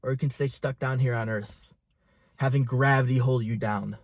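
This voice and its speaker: A man's voice: mid-range voice, steady tone, normal speed, dry recording, clean studio sound. A young man, a fitness and business coach, talking straight to camera in an intense, profane, pushy motivational style.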